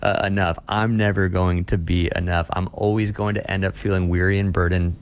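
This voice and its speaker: The interviewee, a Christian author, talks fairly quickly in a low voice that barely moves in pitch. He is earnest and emphatic about faith and paraphrases passages of scripture.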